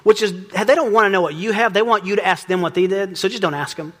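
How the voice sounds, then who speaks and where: A middle-aged man preaching a sermon as pastor, lively and joking, acting out little exchanges. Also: high-pitched, fast talker. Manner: lively, joking, acts out dialogue.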